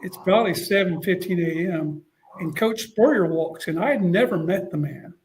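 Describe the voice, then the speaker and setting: A high-pitched middle-aged man tells a long story in a relaxed interview. He acts out the voices of the people in his tale with lively jumps in his voice. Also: normal speed. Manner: animated storyteller, acts out quotes. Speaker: guest, college football coach.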